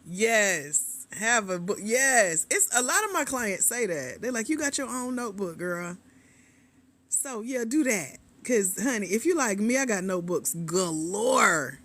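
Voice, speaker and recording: A woman's voice: medium pitch, very animated, measured pace, a bit bright. A woman grant coach chatting on a livestream from her bed, reading viewer comments aloud and laughing often, a bit sleepy. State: sleepy, fighting a nap. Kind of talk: casual livestream chat. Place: home, in bed. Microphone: tablet.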